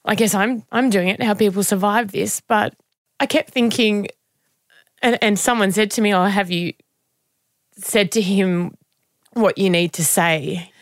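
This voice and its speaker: Woman in her thirties, podcast guest; gravelly edge, dry close sound, reflective and halting. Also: mid-range voice, no room sound. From Australia. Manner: reflective, halting, with frequent restarts. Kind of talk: candid conversational interview.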